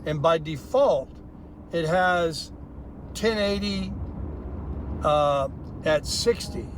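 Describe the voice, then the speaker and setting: A man's voice: a little high, drawn-out words, background noise. A man casually vlogging while driving in his car, offhand and rambling. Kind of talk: casual vlog talk.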